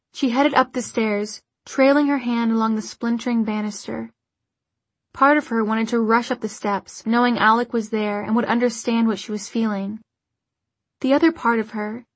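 An audiobook narrator, a woman with a breathy, fairly high voice, reads a novel as scripted narration. There's no room sound in the recording.

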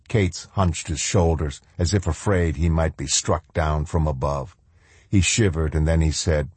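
Deep husky guy narrating slow, dry close mic. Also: a little mellow, no echo. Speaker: audiobook narrator. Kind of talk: scripted narration.

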